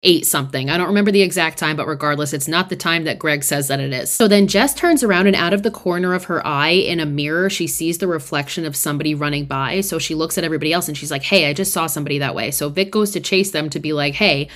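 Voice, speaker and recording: A woman with a low-pitched voice hosts a podcast and retells a movie plot in a loose, conversational way. She swears freely and fills her sentences with "like" and "basically". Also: fast talker, few pauses, a bit bright. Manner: chatty, profane, uses many fillers. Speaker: podcast host. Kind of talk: casual movie recap.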